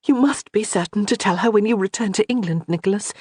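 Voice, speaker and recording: A narrator voicing a kind, calm young noblewoman in an audiobook. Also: medium pitch, fast, dry recording, studio quality, pitched above the performer's own voice, lightly acted. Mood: gentle. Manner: soft, reassuring. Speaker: character in an audiobook. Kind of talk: audiobook character reading.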